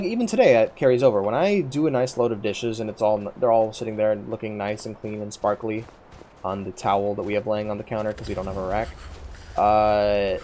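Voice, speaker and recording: Low-voiced stoned man rambling candidly. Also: warm tone, slight background noise. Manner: candid, meandering, swears freely. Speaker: streamer. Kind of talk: casual rambling monologue over gameplay.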